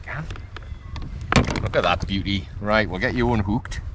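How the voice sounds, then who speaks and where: A man, chatting excitedly to the camera from his kayak while fishing at sea, often laughing. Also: fairly low pitch, measured pace, very noisy. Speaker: kayak angler filming his fishing trip. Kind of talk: casual vlog commentary. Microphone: action camera mic.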